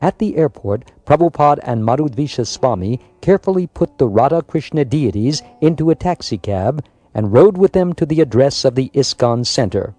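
A man reading a biographical story aloud in a measured, scripted narration. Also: medium pitch, animated, mellow, no echo. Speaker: audiobook narrator.

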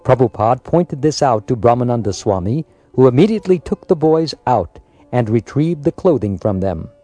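A man reading a biographical story aloud in a measured, scripted narration. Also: mid-range voice, lively intonation, warm tone, faint music behind. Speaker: audiobook narrator.

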